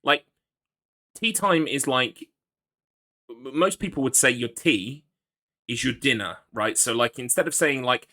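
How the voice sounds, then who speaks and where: Male streamer, bright voice, loose rambling chat, jokes at his own expense. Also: medium pitch, measured pace, pauses often. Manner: rambling, self-deprecating, reads chat aloud. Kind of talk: casual live-stream chat.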